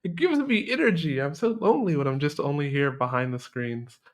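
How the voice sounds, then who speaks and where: A man's voice: on the high side, lively intonation, fairly quick. A man hosting a podcast, talking enthusiastically and laughing easily. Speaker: podcast host. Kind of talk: casual podcast conversation.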